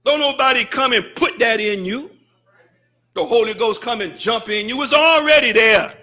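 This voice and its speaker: A man preaching a fervent sermon as a student minister in a mosque, breaking into shouted bursts and wry, mocking asides. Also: very high-pitched. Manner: mocks excuses in wry, drawn-out asides.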